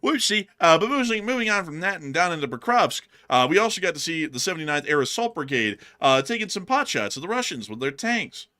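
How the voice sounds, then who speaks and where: A man's voice: fairly high pitch, quick pace, few pauses. A man co-hosting a casual news commentary stream, joking over war video clips and slipping into silly voices. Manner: animated, jokey, bursts into silly voices and laughs.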